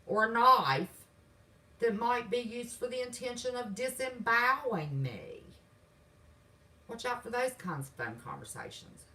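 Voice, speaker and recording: Southern woman, sassy livestream host, bright voice, set back from the mic. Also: a little high, expressive, a little slow, recorded from a distance, low-quality recording. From West Virginia. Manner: sassy, defiant, folksy. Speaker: channel host. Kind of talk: livestream chat reading comments. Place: home, indoors.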